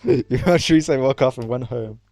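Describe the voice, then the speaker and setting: A man's voice: mid-range voice, a little fast, vocal fry, dark tone, no room sound, faint music behind. A man streaming a game, making sarcastic, profane commentary. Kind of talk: gameplay commentary.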